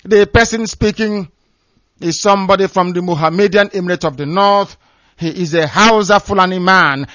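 Man, radio broadcaster, fiery and scornful, high voice, dull lo-fi sound. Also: moderate pace, bright, forceful tone, no echo. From Nigeria. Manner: fiery, scornful, emphatic, repeats phrases for stress. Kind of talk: impassioned political commentary.

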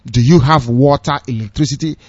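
A man's voice: medium pitch, a little fast, no room sound. A man with a Nigerian accent giving a scornful, impassioned rant of political news commentary, with sarcastic asides. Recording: dull, dry lo-fi recording.

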